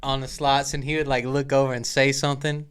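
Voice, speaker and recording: A man's voice: medium pitch, flat delivery, a little fast, a bit bright, a little hiss or hum. A man co-hosting a casual podcast, talking in loose, slangy banter. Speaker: podcast host. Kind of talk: casual chat.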